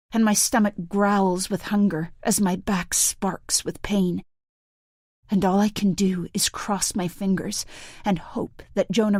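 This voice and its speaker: A woman narrating a thriller audiobook in the first person, measured and hushed, on a close studio mic. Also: medium pitch, no echo.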